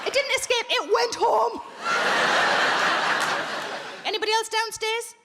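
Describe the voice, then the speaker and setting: A woman doing live stand-up comedy, telling sweary deadpan stories and bantering with the audience. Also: very high-pitched, unhurried, over a noisy crowd. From England. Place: large theatre with live audience. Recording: live theatre recording with loud audience noise. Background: loud audience laughter.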